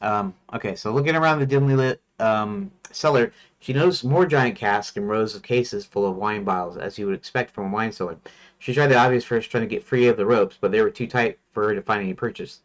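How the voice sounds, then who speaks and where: Low-voiced man thinking aloud. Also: fairly quick. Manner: hesitant, many fillers and restarts, self-questioning. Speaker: game developer streamer. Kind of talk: livestream, thinking aloud and reading story notes.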